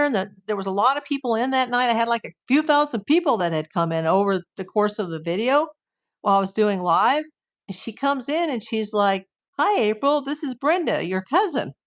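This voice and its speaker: Chatty woman streamer with a higher voice. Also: fairly bright tone. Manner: chatty, rambling, lots of "like". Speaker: YouTube live streamer. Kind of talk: casual live-stream chat with viewers.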